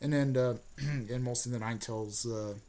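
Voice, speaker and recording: A man's voice: mid-range voice, steady tone, a little slow, warm tone. A young man, a YouTuber, casually retelling a plot in a rambling way full of fillers and restarts.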